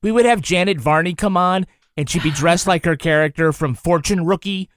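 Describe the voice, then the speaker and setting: A man's voice: high voice, fairly quick, no echo, clean studio sound. A man co-hosting a podcast in casual chat, sarcastic and blunt, swearing freely. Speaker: podcast co-host.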